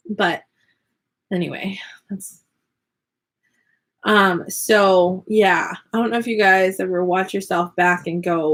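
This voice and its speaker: A woman's voice: mid-range voice, steady tone, takes it slowly, fairly bright tone. A woman in her thirties talks through a live crafting stream from her home. Her chat is loose and rambling, full of fillers and little giggles, and she stays in easy conversation with the viewers. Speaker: vlogger and online teacher.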